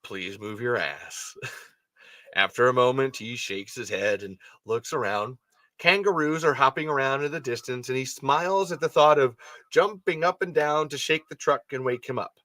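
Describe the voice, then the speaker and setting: A man's voice: medium pitch, moderate pace, sharp tone, no echo. A man hosting a podcast, reading a story aloud with casual, rambling asides and frequent self-corrections. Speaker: podcast host.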